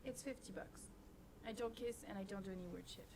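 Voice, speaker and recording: A woman's voice: medium pitch, fast, a little mellow, close to an everyday voice, rough recording. An actress playing a guarded, grieving young mother who speaks in a curt, bitter way, with game music and rain behind her.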